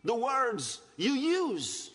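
High, husky preacher man in a hall. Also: wildly swooping pitch, drawn-out words, fairly bright tone. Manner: emphatic, repeats his points. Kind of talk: sermon. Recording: hall reverb with faint music.

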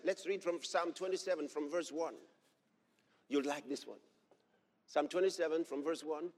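A man preaching with a high, lively voice that swings up and down. He drives key phrases home by repeating them, reads scripture in old-fashioned wording and builds to shouts. The sound rings with the long reverb of a large hall. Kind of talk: sermon.

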